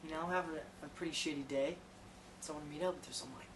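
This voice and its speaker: A man's voice: mid-range voice, fairly even intonation, very fast, noisy background. A man telling a comic story about himself in a casual, profane, rambling, self-deprecating way.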